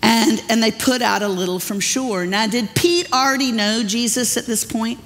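A woman's voice: a little high, moderate pace, fairly bright tone, slight background noise. Woman preaching in a reverberant hall. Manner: humorous, folksy storytelling. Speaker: pastor. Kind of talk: sermon. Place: large church auditorium. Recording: long reverb of a church hall.

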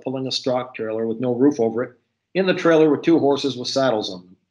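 A man's voice: mid-range voice, rough recording. Middle-aged man reading his novel. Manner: steady, unhurried storyteller. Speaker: author and artist. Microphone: video call.

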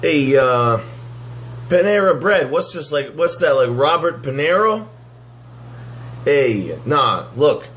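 A man's voice: a little high, very animated, slow pace, pauses often, a bit bright, a little hiss or hum, full character voice. A man playing a brash, rude tough guy who is baffled by bagels and picks fights with the staff. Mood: gruff. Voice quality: gruff, rude, wisecracking street-guy manner. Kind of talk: comedy sketch.

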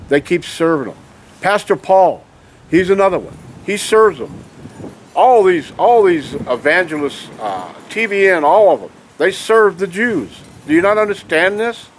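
A man in an angry, heated monologue, speaking emphatically and repeatedly checking in with his listeners. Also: a little high. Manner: heated and emphatic, keeps asking "okay?". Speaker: vlogger. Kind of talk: angry ranting monologue to camera.

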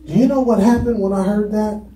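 A man's voice: high voice, steady tone, brisk, dark tone. A man preaching a sermon to his congregation, asking them questions and waiting for their answers. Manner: call-and-response preaching, asks the congregation questions. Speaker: pastor. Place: church sanctuary. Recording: echoey church from far off.

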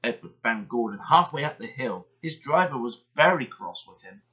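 Fields: Sex: man. Style: bedtime story reading. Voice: lively, bright. Sound: dull lo-fi. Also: mid-range voice, moderate pace. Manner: gentle, expressive reading.

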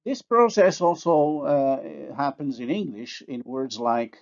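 A male university lecturer talks through phonology examples at a slow, measured pace, stopping to sound out each word. His voice sits at a middle pitch and comes through a slightly dull, lo-fi recording. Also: gravelly, a little mellow. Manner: slow, deliberate, pausing to model example words.

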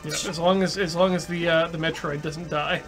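Man, very high voice, stammery, reacting to a game, faint music behind. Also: fairly even intonation, normal speed, fairly bright tone. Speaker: stream co-host playing the game. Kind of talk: casual gameplay chat.

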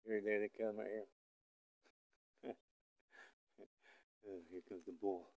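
A man filming cattle outdoors on a hillside, coaxing and calling to the animals in a high sing-song voice, then talking casually to the camera. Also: steady tone, slow pace, no echo, lo-fi sound. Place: outdoors in a hilly pasture.

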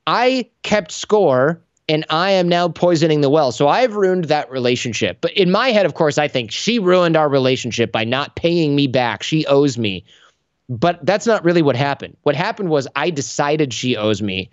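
A man being interviewed on a podcast, an animated storyteller who acts out the voices in his anecdotes. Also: fairly high pitch, moderate pace, no echo, lo-fi sound. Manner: animated storyteller acting out dialogue. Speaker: podcast guest. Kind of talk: conversational interview.

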